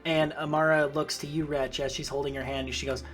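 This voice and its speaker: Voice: mid-range voice, flat delivery, a little fast, a bit bright, soft background music. A game master narrating a tabletop game casually, with many fillers.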